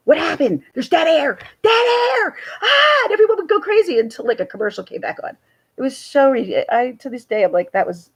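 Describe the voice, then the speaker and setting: A woman's voice: medium pitch, slightly rough, poor audio. A woman, rambling chattily to her chat while hosting a casual livestream. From central New Jersey. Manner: rambling and chatty, jumps between stories. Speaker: livestream host.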